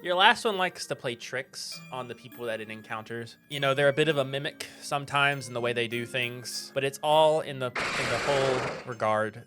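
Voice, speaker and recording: A man's voice: mid-range voice, moderate pace, few pauses, pushed and bright, faint music behind. A young man doing casual gaming commentary on a call, goofy and rambling, laughing often. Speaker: gaming YouTuber.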